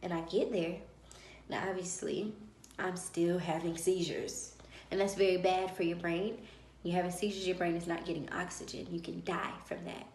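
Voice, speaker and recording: A woman vlogger telling a personal story in a lively way and acting out the dialogue of others. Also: fairly low pitch, normal speed. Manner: animated, acts out dialogue. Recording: roomy echo.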